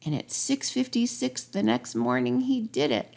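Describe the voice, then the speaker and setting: A woman's voice: a little high, expressive, moderate pace, vocal fry, hardly any pauses, darkish tone. A woman reading a rhyming storybook parody aloud in a sing-song way. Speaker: narrator.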